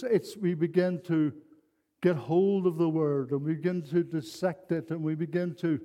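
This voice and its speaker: A man's voice: sits high, a little mellow. An older man preaching a sermon, telling a personal story in an earnest, rambling way with many restarts. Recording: long hall reverb.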